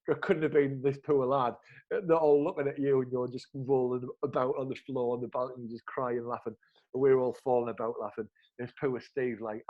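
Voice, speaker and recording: A man in his thirties with a northern English accent, co-hosting a podcast and telling an anecdote in a lively, chuckling way with local slang. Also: medium pitch, dull audio. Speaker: podcast co-host. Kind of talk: casual storytelling chat.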